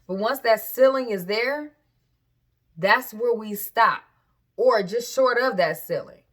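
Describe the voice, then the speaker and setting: A woman's voice: a little high, slow pace. Frank, candid woman vlogger. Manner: candid, frank, restarts and backtracks. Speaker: vlogger and parent. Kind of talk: casual talk to camera.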